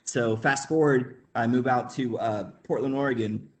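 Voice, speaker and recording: Man, grew up in the Midwest, casual storytelling, fillers, laughs, acts out quotes, mid pitch. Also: normal speed, slight background noise. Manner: rambling, laughing, many fillers. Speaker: webinar guest.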